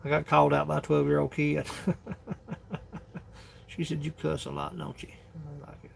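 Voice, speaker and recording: A man's voice: fairly high pitch, monotone, normal speed, vocal fry, slight background noise. A man, chatting casually on a phone livestream in a rambling, folksy way, laughing often. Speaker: livestream host.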